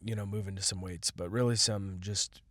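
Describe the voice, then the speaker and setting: A man's voice: deep voice, fairly even intonation, normal speed, no room sound. Sarcastic ranting podcast man, dry sound. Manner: sarcastic, rambling, swings between loud outbursts and muttered asides. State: throat irritated from allergies. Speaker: podcast host. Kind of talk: casual ranting monologue.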